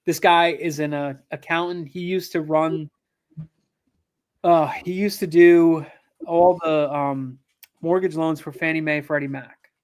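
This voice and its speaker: Male guest, higher pitch, animated storyteller, loose and filler-heavy. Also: unhurried, clear, resonant tone. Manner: animated, acts out quotes, frequent fillers and restarts. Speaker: land investor guest. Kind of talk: casual interview storytelling.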